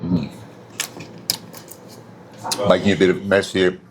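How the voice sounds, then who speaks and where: Sitting in an indoor restaurant, a low-voiced food vlogger gives a casual review at a slow pace, relaxed and humming often as he enjoys each bite. The camera set on the table also picks up a crowd and faint background music.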